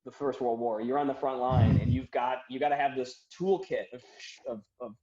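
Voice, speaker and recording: A man, a comedian and author, chatting as a podcast guest, rambling and animated as he tells stories and acts out quotes. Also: medium pitch, fairly quick. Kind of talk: casual podcast conversation. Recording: dull roomy remote audio.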